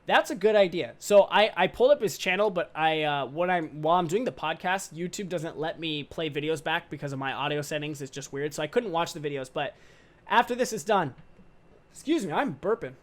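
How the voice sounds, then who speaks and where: A young man in his twenties with a slightly higher-than-average voice, hosting his own podcast. He talks off the cuff, loose and slangy with the odd swear word. He sounds upbeat and excitable. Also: a little fast, few pauses. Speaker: podcast host. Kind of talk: casual podcast monologue.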